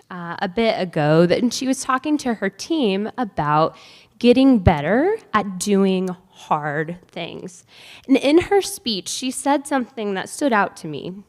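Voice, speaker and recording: A woman's voice: mid-range voice, darkish tone. Chatty woman speaking in a reverberant theatre. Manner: conversational, chatty, with light laughs. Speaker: faculty speaker at a white coat ceremony. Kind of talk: personal storytelling speech. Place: large theatre. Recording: long theatre-hall reverb.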